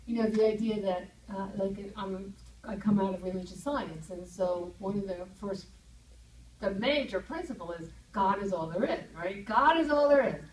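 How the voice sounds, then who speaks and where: A woman's voice: mid-range voice, normal speed, slight background noise. Woman speaking in an echoey room. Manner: lively, asks the audience questions. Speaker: speaker leading a group session. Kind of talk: casual talk to a group. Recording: echoey room, mic far off.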